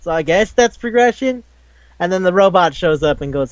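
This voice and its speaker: Animated, profane man recapping a show. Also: high voice, normal speed, dry recording, dull audio. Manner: animated, profane, acts out lines with voices. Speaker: podcast co-host. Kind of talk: casual anime recap chat.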